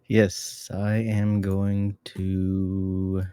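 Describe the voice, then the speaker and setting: A woman playing a tabletop game, describing her moves in a slow, drawn-out way. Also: very deep voice, level tone, mellow, smooth, no echo, faint music behind. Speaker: player. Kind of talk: casual tabletop play.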